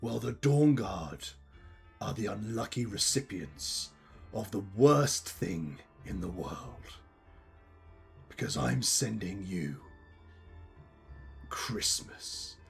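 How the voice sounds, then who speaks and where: A man voicing a scheming villain who hates Christmas, slow and menacing. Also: lowish voice, very animated, vocal fry, sharp tone, slightly rough, faint music behind, pitched below the performer's own voice, exaggerated voice.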